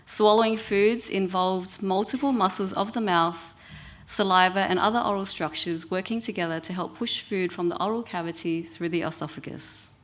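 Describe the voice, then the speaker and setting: A woman, an oral health therapist giving an educational talk in a measured way with frequent ums. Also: medium pitch, steady tone.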